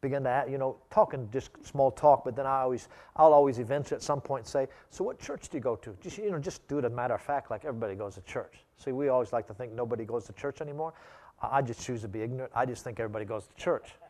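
A man's voice: mid-range voice, quick pace, a little mellow. A man preaching a sermon, telling stories in an emphatic, conversational way with frequent repetitions. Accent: non-local accent, not Australian. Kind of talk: sermon with personal storytelling.

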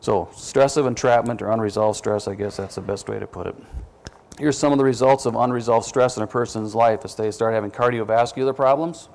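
Male preacher, gravelly, conversational sermon delivery that quizzes the congregation with questions. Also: mid-range voice, brisk, a little mellow. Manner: self-deprecating asides.

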